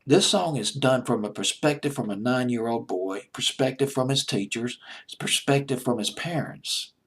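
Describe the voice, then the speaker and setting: Southern-accented countdown host, husky voice, chatty and rambling. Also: male voice, medium pitch, normal speed, fairly bright tone. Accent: American Southern. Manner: rambling, chatty, self-mocking. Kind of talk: casual music commentary.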